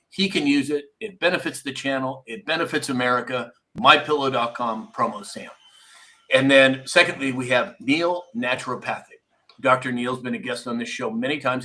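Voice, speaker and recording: Bright-voiced man hosting a live stream. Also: mid-range voice. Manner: rambling, reads viewer comments aloud. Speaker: live stream show host. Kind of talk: casual live-stream chat.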